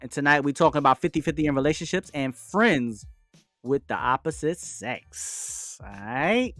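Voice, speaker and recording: A man hosting a casual live stream, chatting loosely, reading out viewers' comments and giving shout-outs. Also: a little high, normal speed, soft background music. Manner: reads out and answers viewers' chat comments; relaxed, chatty, with frequent fillers and shout-outs. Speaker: livestream host. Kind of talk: casual livestream chat.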